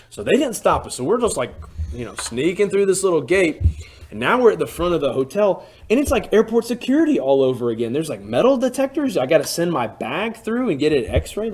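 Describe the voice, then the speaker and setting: Animated man telling a story. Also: fairly high pitch, breathy edge. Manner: animated, lots of "like" fillers. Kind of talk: casual spoken storytelling.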